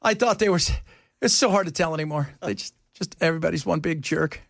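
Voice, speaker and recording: A man's voice: fairly high pitch, quick pace, gravelly, no room sound, clean studio sound. A man hosting a radio talk show, joking and sarcastic in casual banter. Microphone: studio mic.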